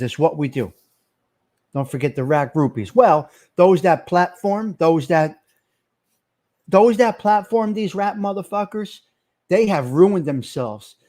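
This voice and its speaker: A man hosting a casual livestream, talking loud, profane and fired-up. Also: fairly high pitch, unhurried. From Italian-American. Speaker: livestream host.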